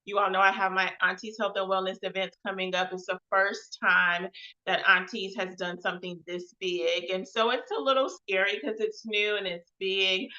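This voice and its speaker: A chatty woman hosts a casual livestream and calls out to her chat. Her voice is bright and forceful, and it carries a touch of volume. The stream audio sounds dull and lo-fi. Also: medium pitch, level tone, normal speed. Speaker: host of a live web show.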